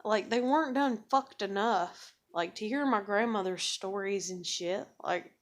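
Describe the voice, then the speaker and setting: A woman's voice: mid-range voice, measured pace. A young adult woman venting in a rambling, profane monologue, full of "like" and "you know", sarcastic and self-mocking. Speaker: vlogger.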